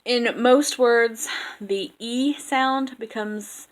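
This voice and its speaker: A woman's voice: mid-range voice, a little slow, sharp tone, rough recording. A woman giving an informal class presentation on a dialect, chatty and full of ums and self-corrections. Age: adult with a young daughter.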